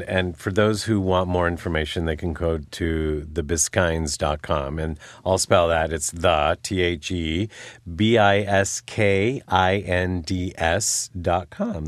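A man's voice: low voice, no room sound. A man hosting a casual interview, attentive, joking now and then. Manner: attentive, joking, many murmured mm's. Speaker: host.

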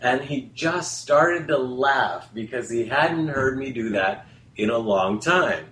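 Guy hosting a radio talk show, rambly storytelling, talks slow, kinda echoey room. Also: mid-range voice, lively intonation, a bit bright. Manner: rambling, with restarts and self-corrections. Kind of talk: casual storytelling monologue. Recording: roomy echo, faint background hum.

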